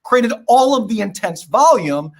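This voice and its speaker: A man's voice: extremely high pitch, big pitch swings, unhurried, vocal fry. An older man speaking as a podcast guest, giving emphatic, preachy advice in short punchy phrases and telling stories. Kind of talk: motivational podcast talk.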